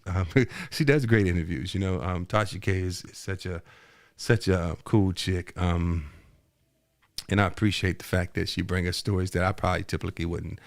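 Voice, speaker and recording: A man's voice: low voice, dry recording. A man hosting a podcast from his home studio, giving a heated, profane commentary in an emphatic voice. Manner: profane, heated and emphatic, rising to near-shouting; subdued, hesitant and soft-spoken. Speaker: podcast host. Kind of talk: angry commentary rant. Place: home dining room studio.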